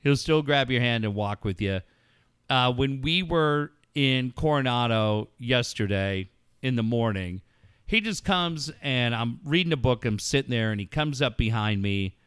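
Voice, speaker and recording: Animated middle-aged man telling stories. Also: mid-range voice, a little slow, clean tone, no echo, studio quality. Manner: animated storyteller, acts out quotes, swears freely. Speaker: co-host. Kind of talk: casual chat.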